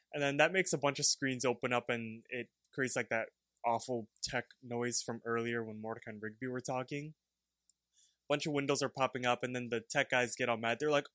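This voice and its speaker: A young man chatting on a podcast, telling a cartoon plot in a loose, rambling way and slipping into quick voices for the characters. His voice sits mid-range, and the sound is dry and close with no room behind it. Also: mid-range voice, fairly bright tone, dry recording. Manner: rambling, acts out characters' lines while retelling. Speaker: podcast co-host. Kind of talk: casual chat recapping a cartoon episode.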